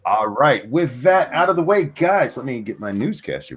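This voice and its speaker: Lively-voiced man reading news. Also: mid-range voice, slight background noise. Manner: halting reading with restarts and self-corrections. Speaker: show host. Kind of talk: reading news stories on a livestream.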